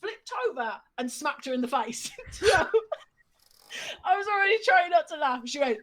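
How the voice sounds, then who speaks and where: A woman with a fairly high voice spins a casual anecdote for a stream audience. She retells it in a lively way and keeps laughing as she talks. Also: normal speed. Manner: laughs through her story, lively retelling. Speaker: storyteller on a stream.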